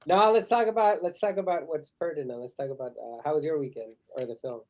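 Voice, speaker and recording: A man co-hosting a casual film chat as a film professor, low-key and agreeable, mostly giving brief replies. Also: fast, darkish tone.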